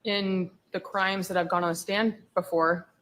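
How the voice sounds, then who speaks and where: A woman's voice: lowish voice, little pitch movement, moderate pace, a bit bright, rough recording. A female police officer testifying on the stand, giving guarded, short answers. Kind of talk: courtroom testimony.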